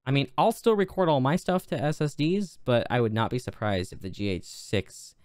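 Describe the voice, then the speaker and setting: Relaxed young man co-hosting a podcast. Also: mid-range voice, normal speed, no room sound, studio quality. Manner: relaxed, joking, many fillers. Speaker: podcast co-host. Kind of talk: casual tech podcast chat. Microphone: studio podcast microphone.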